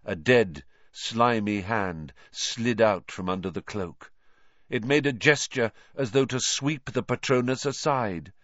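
A man reading a story aloud as narrator, with slow, dramatic delivery. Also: fairly low pitch, a bit bright, no room sound, lo-fi sound.

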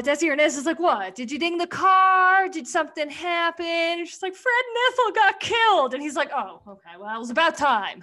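A woman's voice: fairly high pitch, fairly bright tone. A woman in casual podcast chat, rambling through a sketch recap, swearing freely and acting out quoted lines. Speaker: podcast co-host.

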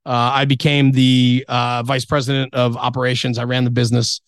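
Middle-aged male podcast guest, blunt and candid, mid-pitched, dry close recording. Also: flat delivery, moderate pace, no echo. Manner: candid, blunt, mild swearing, many fillers. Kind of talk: casual interview storytelling.

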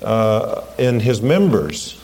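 A man preaching a sermon, earnest, slowing down and rising in pitch when he quotes scripture. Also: very animated, darkish tone, in a large hall. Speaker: pastor.

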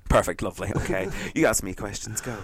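Male podcast host, low-pitched, quick crude wit. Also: a crowd in the background. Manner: crude, quick-witted banter. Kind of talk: casual comedy chat.

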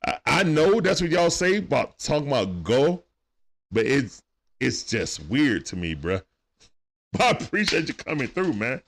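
A man's voice: medium pitch, very animated, unhurried, fairly bright tone, a little hiss or hum. A man doing casual play-by-play commentary on a live stream. He talks in slang, greets viewers by name, and speaks into a phone.

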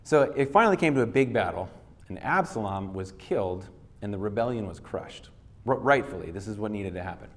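A man's voice: fairly low pitch, animated, fairly quick. A male pastor giving a sermon, retelling a scripture story in casual everyday words and reading verses aloud.

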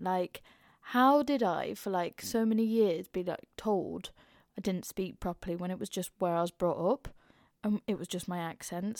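A woman's voice: medium pitch, no echo. Candid chatty Mansfield woman, dry close sound. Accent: East Midlands, Mansfield. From English Midlands (Mansfield). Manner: candid and chatty, swears freely. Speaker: podcast host. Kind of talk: casual chat.

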